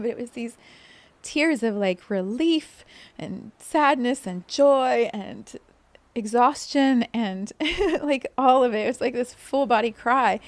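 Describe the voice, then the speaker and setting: A woman podcast host telling a personal story in a soft, reflective way, laughing often as she talks. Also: high voice.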